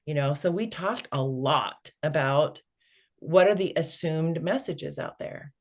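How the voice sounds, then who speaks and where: A woman's voice: deep voice, unhurried. A middle-aged woman, a guest on an interview podcast, telling a family story and acting out the dialogue.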